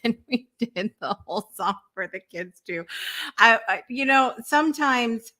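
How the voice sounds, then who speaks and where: A woman's voice: on the high side, moderate pace, bright, forceful tone. A woman hosting a morning talk show, chatting casually with lots of fillers and frequent laughter. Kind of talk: casual chat.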